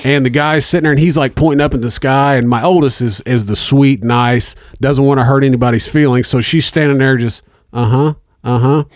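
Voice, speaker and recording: A man's voice: mid-range voice, steady tone, a little fast, few pauses, no echo, studio quality. A man in his thirties chatting casually, laughing often and swearing as he tells stories. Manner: profane, laughs often, storytelling. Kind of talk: casual chat.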